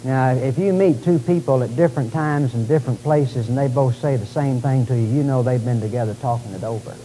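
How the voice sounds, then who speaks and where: A man preaching a sermon in a church, swinging from quiet storytelling to loud, drawn-out outbursts. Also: mid-range voice, slight background noise, poor audio. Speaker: pastor. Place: church sanctuary.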